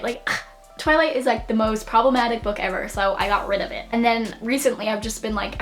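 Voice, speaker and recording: A woman's voice: fairly high pitch, a little fast, soft background music. Gushing young woman book vlogger. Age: 20s. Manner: enthusiastic, gushing, filler-heavy. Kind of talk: casual book haul chat.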